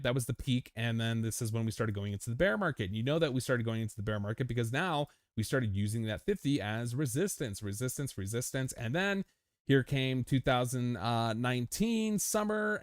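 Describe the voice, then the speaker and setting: A man's voice: medium pitch, dry recording. Chatty man on a dry mic. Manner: chatty, reads out viewer names, frequent fillers. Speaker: crypto livestream host. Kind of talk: casual livestream chat and chart analysis.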